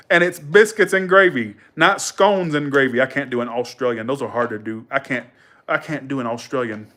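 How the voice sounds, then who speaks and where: A man's voice: medium pitch, normal speed, sharp tone. Rambling man chatting on a livestream. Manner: rambling, slangy, laughs often. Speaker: livestream host. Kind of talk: casual livestream chat.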